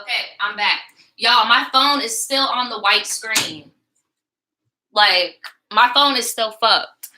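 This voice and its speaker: Bright, high-voiced young woman ranting. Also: slow. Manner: profane, animated, exasperated. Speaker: livestream host. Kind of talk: casual storytime rant.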